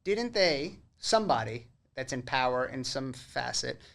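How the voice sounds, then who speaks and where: A man hosting a casual radio talk show, animated and cursing freely. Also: medium pitch, measured pace, creaky. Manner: animated, swears freely, jokey put-on voices. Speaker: host. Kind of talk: casual podcast chat. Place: radio studio.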